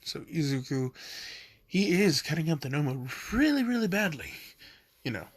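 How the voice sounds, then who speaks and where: A man's voice: a little high, big pitch swings, moderate pace, a little hiss or hum. A man casually telling a fan story, rambling with lots of fillers and swearing.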